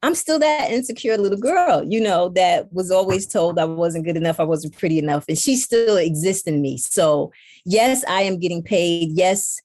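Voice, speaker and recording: A woman talking candidly as an interview guest, animated, often acting out quoted dialogue. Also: fairly low pitch, moderate pace, no room sound, clean studio sound.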